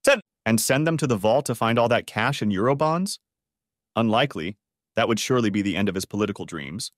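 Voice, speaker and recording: A scheming male crook, voiced by the narrator with a plain, mid-pitched voice that swings in tone. Cocky, in a dry close audiobook recording. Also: expressive, a little fast, dry recording, close to an everyday voice. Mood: smug. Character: scheming man, smug turning panicked.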